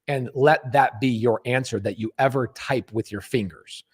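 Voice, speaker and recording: A man's voice: medium pitch, moderate pace, hardly any pauses. A man hosting a podcast, telling a story in a blunt, emphatic way and swearing freely. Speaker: podcast host. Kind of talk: casual storytelling.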